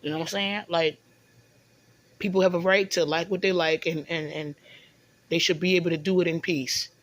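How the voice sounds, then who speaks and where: Her voice sits on the low side with fairly even intonation and a moderate pace. She's venting casually in a rambling monologue, often stumbling as she repeats words and tossing in "you know what I'm saying" a lot.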